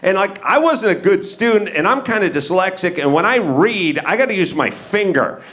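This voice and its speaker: A man hosting a live comedy podcast, telling stories and acting out dialogue with big swings in his voice. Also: normal speed. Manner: animated, acts out dialogue with big pitch swings. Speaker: podcast host. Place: live podcast on stage before an audience.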